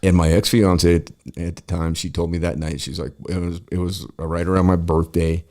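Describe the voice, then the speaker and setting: Casting note: man, forties, very low voice, rambling and profane storyteller on a chat show. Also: little pitch movement, normal speed, a little mellow. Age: 40s. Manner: rambling, profane, lots of fillers and restarts. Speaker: podcast host.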